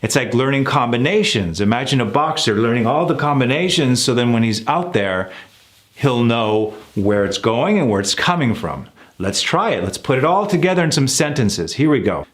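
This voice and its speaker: A man's voice: medium pitch, expressive, normal speed. A man teaching pronunciation, exaggerating his sounds as he drills words and encourages viewers. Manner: encouraging, direct address to viewers. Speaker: accent coach. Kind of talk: pronunciation lesson.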